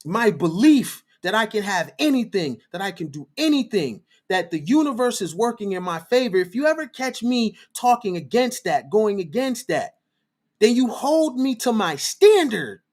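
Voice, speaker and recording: Male livestream host, preachy and fiery, lively swooping pitch, repeats lines for emphasis. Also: moderate pace.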